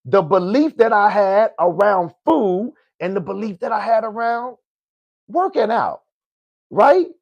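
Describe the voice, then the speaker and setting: A man's voice: sits high, lively intonation, measured pace, dry recording, highs cut off. A middle-aged man hosting a podcast, giving a motivational personal talk in a preachy way, often asking "right?" and calling out to his listeners. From Oklahoma, US. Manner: preachy, repeats "good people" and "right?". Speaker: podcast host.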